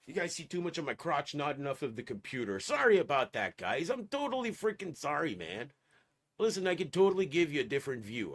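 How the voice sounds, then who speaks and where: A man's voice: medium pitch, fairly bright tone, distant mic. A man hosting a casual livestream, rambling and talking straight to his chat as "guys". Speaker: livestream host. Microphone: streaming setup.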